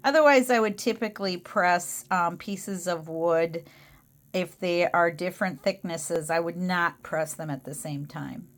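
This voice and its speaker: A woman's voice: fairly low pitch, unhurried. A woman hosting a crafting tutorial who explains each step and setting methodically as she works.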